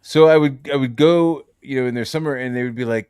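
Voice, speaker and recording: A man's voice: medium pitch, steady tone, quick pace, hardly any pauses, darkish tone, clear, resonant tone, no room sound. A man hosting a loose podcast chat, telling stories that wander through fillers and casual swearing. His voice sits in the middle range, and the recording is dry and close with no room sound. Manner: rambling, filler-heavy storytelling. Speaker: podcast host.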